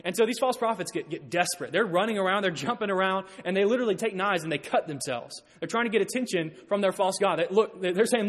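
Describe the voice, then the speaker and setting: A man preaching a sermon in a church, animated and growing loud when he quotes. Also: high voice, a little fast. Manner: animated, rising to loud emphasis when quoting. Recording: long hall reverb.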